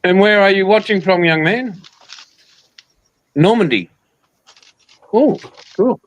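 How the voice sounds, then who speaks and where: A man's voice: high voice, slow pace, muffled recording. A man co-hosting a livestream, chatting casually with a joking, teasing manner. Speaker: co-host of a modelling livestream. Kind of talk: casual chat.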